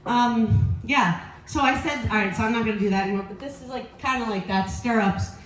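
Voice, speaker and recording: A woman's voice: on the high side, a little fast. A woman doing a stand-up set, rambling and crude, losing her place and laughing at herself. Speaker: stand-up comedian. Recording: very echoey room.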